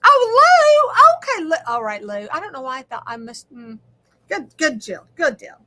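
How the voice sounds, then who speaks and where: A middle-aged woman hosting a craft livestream, chatting casually and talking loudly so her guest can hear over the audio trouble. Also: fairly high pitch, expressive, normal speed. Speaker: livestream host.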